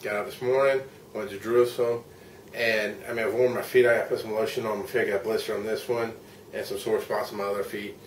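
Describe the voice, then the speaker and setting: He talks quickly and flatly in a fairly low voice: a middle-aged, tired man from the US, vlogger and podcaster, giving a candid, rambling travel-vlog account of his day and swearing when irritated. Slight background noise, roomy echo, and faint ambience are captured by a mic placed at a distance.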